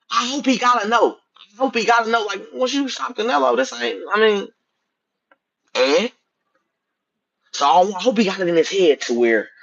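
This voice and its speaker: A man holds forth on boxing to his stream chat, loose and profane. His slightly raised voice is husky and leaps all over the place, from loud outbursts down to low mutters. The lo-fi audio sounds dull and muffled. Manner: profane, animated, swinging between loud outbursts and muttered asides. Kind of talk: casual livestream rant.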